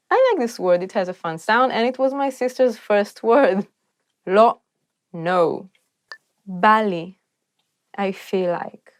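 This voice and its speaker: A woman's voice: mid-range voice, smooth. A woman teaching phrases in an upbeat, encouraging way. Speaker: language teacher. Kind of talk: casual language lesson.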